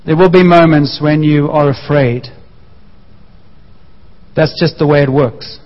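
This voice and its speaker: A man preaching a sermon to a congregation, repeating key phrases and slowing down to press his points home. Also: fairly high pitch, fairly even intonation. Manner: emphatic, repeats key phrases, slows for emphasis. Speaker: pastor. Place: church hall. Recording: muffled sound with long church reverb.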